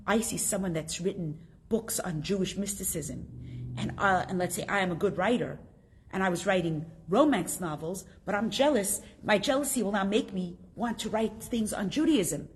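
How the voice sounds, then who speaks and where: A woman teaching a class, telling a story and asking her students questions in a lively way. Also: mid-range voice, moderate pace, a little hiss or hum.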